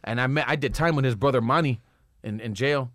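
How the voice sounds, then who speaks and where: A man's voice: medium pitch, a little fast, fairly bright tone, no echo. A man from Los Angeles, a pro skateboarder guest, telling a story in casual, profane street slang.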